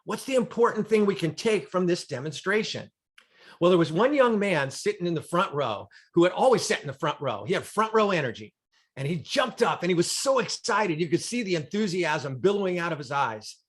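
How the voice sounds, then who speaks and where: A man's voice: high-pitched, very animated, fairly quick, breathy edge. A man giving a motivational talk on a group call, telling a story with dramatic, emphatic repetition. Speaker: motivational speaker. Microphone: video call.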